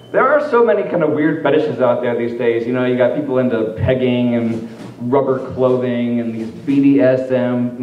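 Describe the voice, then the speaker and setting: A young man doing a stand-up comedy set, with a loose, chatty delivery. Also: fairly high pitch. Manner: loose, chatty delivery with fillers, acts out voices. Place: small music venue stage. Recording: echoey room, far from mic, dull lo-fi.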